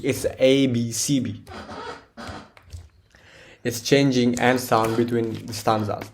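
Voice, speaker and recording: A man, a non-native English speaker, presenting a poem analysis for class, halting often with fillers and restarts. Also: lowish voice, a little mellow, a little hiss or hum. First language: Indonesian. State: short of breath.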